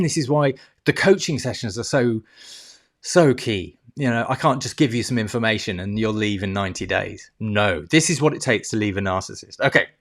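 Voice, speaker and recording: A man's voice: mid-range voice, fairly bright tone. A middle-aged man who works as a life coach talks casually to camera. He restarts his sentences often, swears now and then, and makes little ding sound effects as he goes. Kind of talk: casual teaching monologue to camera.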